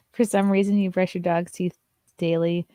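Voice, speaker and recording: A woman's voice: fairly low pitch, flat delivery, moderate pace, dark tone, no echo, studio quality. A woman comedian hosting a casual morning show, chatting loosely and reading viewer comments, sometimes slipping into sing-song baby talk with her dog.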